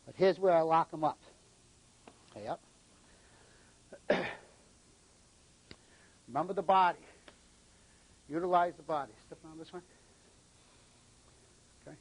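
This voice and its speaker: A man's voice: a little high, measured pace, long pauses, rough recording. A middle-aged man from New England, a martial arts instructor who gives short commands and counts out the moves during a live demonstration.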